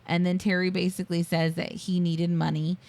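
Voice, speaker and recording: A woman's voice: fairly low pitch, flat delivery, fairly quick, darkish tone. A woman co-hosting a podcast, chatting casually about a film and retelling scenes with a joking tone. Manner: joking, retells scenes with quoted lines and laughter. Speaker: podcast co-host. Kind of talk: casual movie review chat.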